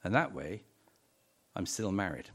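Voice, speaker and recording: Slow, lively-voiced man preaching a sermon. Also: sits low. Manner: storytelling with wry humor and emphatic repetition.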